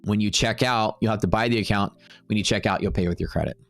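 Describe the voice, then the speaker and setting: A man's voice: on the low side, fast, gravelly, no echo, soft background music. A man hosting a live day-trading stream, talking loosely and rambling, with some casual swearing. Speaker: day-trading livestream host.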